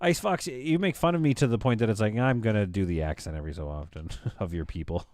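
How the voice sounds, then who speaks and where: A man's voice: lowish voice, quick pace, a little mellow. A man in his thirties chatting casually on a live stream as he builds, rambling in a stream-of-consciousness way.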